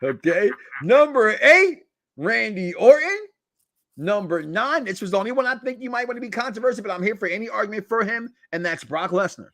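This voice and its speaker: A man hosts a wrestling talk podcast, emphatic and fond of dramatic pauses as he counts down a list. His voice sits high and swings widely in pitch, recorded close and dry. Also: lively intonation, sharp tone, no echo. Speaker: podcast host.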